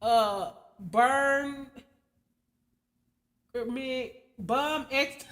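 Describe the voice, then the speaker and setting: A woman's voice: on the high side, slow pace, a bit bright. A woman hosting a casual livestream, chatting loosely with viewers in slangy talk, chuckling often and spelling out their names letter by letter. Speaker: livestream host.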